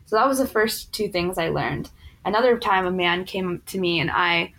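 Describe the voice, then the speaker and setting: The voice is a woman's, fairly low and a bit bright, at normal speed. She's a yoga teacher in her thirties in addiction recovery, telling earnest stories from her work as an interview guest and leaning on "like." The audio is poor, with slight background noise.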